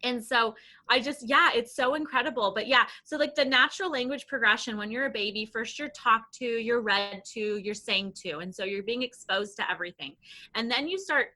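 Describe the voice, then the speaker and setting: An enthusiastic woman in her thirties chats as a podcast guest, tumbling through restarts and little fillers. Her voice sits a touch high and sounds very bright and forward. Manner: enthusiastic, quick, many restarts and "like". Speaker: guest, language program founder. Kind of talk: casual podcast interview.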